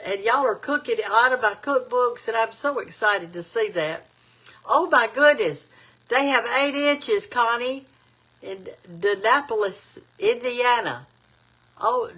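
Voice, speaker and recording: Chatty husky Alabama woman. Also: fairly high pitch, fairly bright tone. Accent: Southern US (Alabama). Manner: chatty, greets viewers by name, says y'all. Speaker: cooking show host. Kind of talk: casual livestream cooking chat. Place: home kitchen.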